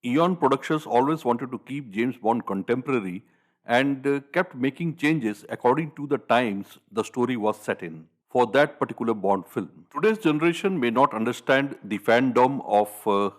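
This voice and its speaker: A man narrating a short video documentary in a measured, explanatory way. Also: mid-range voice, animated.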